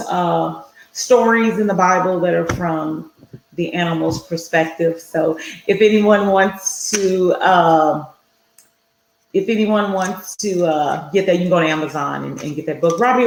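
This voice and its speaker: A woman's voice: on the low side, a little slow. Woman co-host in an echoey room. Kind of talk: casual chat. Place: home office. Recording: roomy echo.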